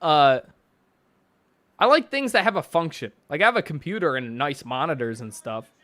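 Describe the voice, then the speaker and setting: A man's voice: fairly high pitch, lively intonation, moderate pace, a bit bright, no echo. A man streaming live, reading chat and posts aloud with profane, mocking, ranting commentary. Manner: reads chat and posts aloud with sarcastic asides.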